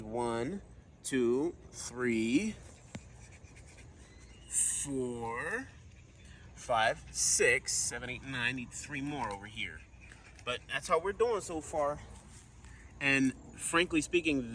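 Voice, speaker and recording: A man's voice: mid-range voice, a bit bright, a little hiss or hum. A man casually narrating a garden vlog outdoors, chatty and counting plants aloud as he goes. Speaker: vlogger gardener.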